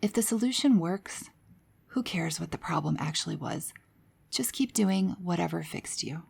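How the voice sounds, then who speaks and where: A woman hosting a podcast, telling her personal story in a candid, conversational way with quiet asides. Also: fairly low pitch, expressive, moderate pace, creaky, husky. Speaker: podcast host.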